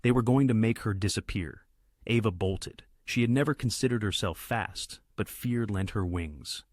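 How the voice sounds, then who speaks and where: A man reading a dramatic story aloud in a steady narration. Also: fairly low pitch, moderate pace, no room sound, clean studio sound.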